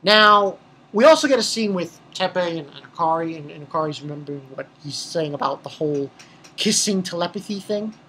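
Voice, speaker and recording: A woman's voice: fairly low pitch, expressive, brisk, bright, forceful tone, slightly rough. A woman giving a casual, rambling recap of an anime episode, swearing freely and restarting her sentences often. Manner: rambling and profane, with many restarts.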